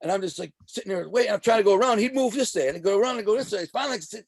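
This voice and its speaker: Rapid-fire tough-talking man. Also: high voice, breathy edge. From Detroit. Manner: rapid, animated, tough-talking, many restarts. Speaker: guest, author and radio host. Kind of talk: casual storytelling interview.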